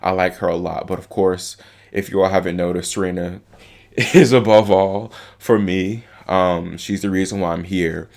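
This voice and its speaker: Male vlogger, low gravelly voice, rambling and hesitant, heartfelt delivery. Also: steady tone, moderate pace, a little mellow. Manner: rambling, hesitant, with many restarts and fillers; heartfelt, openly affected by the topic. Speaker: tennis vlogger. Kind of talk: casual spoken commentary to camera.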